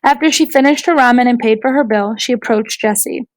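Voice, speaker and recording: Woman audiobook narrator, steady storytelling, fairly high voice, dry close sound. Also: fairly quick, no room sound. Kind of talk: scripted narration.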